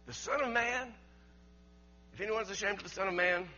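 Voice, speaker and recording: A man preaching a sermon, emphatic and rising to near shouts, with laughs between his points and words he repeats. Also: high voice, moderate pace. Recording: dull lo-fi recording with mains hum.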